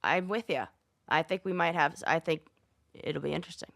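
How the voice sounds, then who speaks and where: A woman's voice: low voice, moderate pace, vocal fry, a bit bright, no echo. A woman co-hosting a podcast in casual chat, playful with a dry humor. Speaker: podcast co-host.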